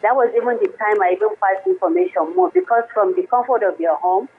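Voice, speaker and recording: A woman, a lawyer guest on a radio show, speaking haltingly with many restarts. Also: medium pitch, animated, husky. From Nigeria. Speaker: guest, women's rights lawyer. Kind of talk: radio interview by phone. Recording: phone line into radio studio.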